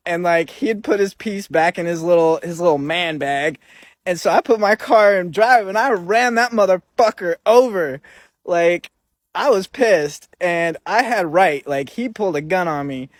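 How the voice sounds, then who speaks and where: High-voiced man telling a story casually. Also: measured pace, no room sound, clean studio sound. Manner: loose and conversational, heavy on filler words. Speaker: recovery vlogger.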